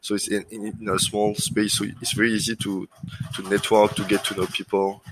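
A man from France who owns a lead generation business is interviewed as a guest, speaking a little fast in a fairly low voice with a French accent. His casual, relaxed delivery is full of fillers and restarts, with background noise present.

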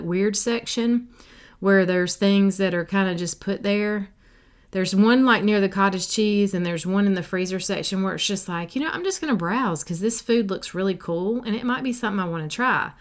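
A woman, hosting a casual solo podcast in a chatty, silly and sassy way. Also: mid-range voice. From South Carolina, USA. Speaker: podcast host and life coach. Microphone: podcast microphone.

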